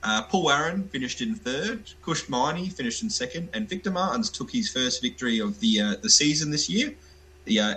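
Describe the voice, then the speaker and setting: Bright-voiced man calling in remotely. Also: mid-range voice, slight background noise, poor audio. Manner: halting, many ums and uhs. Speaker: co-host. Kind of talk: casual chat. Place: calling in from far away.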